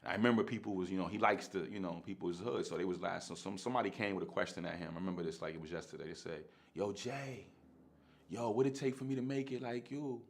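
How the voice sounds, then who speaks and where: A man's voice: deep voice, fairly even intonation, fast talker, creaky. A man, telling a story in casual, slangy street talk and laughing often.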